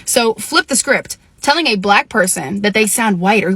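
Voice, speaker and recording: A woman's voice: medium pitch, lively intonation, moderate pace, a bit bright, slightly rough, no echo. A woman talking straight to camera in a blunt, lecturing way. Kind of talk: casual talk to camera.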